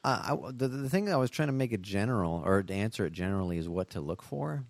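A man co-hosts a podcast in casual chat, laid-back and a little halting. His voice is low for a man. The sound is dry and right at the mic. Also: lively intonation, vocal fry, dry recording. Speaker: podcast co-host.

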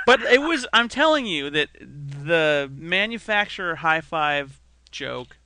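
A man co-hosting a podcast in casual comedic chat, jokey and quick to laugh. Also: a little high, huge pitch swings, heavy background noise. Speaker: podcast co-host.

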